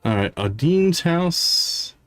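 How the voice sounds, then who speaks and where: A man hosting a livestream, chatting casually with fillers and quick asides as he plays. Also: fairly high pitch, very animated, a bit bright. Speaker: livestream host. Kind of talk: casual game commentary. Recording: faint game music behind.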